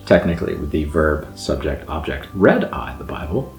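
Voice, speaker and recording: A man hosting a language channel who explains grammar casually and sounds out example words slowly. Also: rumbling low, big pitch swings, vocal fry, a little mellow. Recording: echoey room with faint background music.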